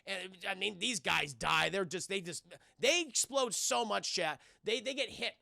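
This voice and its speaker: A man's voice: sits high, unhurried, vocal fry, no room sound, studio quality. A young man who reviews cartoons, recapping an episode to a live chat in a loose, profane way and constantly calling out to the chat. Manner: animated, swears a lot, keeps addressing the chat.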